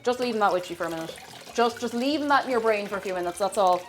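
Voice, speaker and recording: Racing and animated over music, this young Irish woman's medium-pitched voice carries a casual cooking live stream from her home kitchen, where she reads viewer comments aloud and adds playful asides.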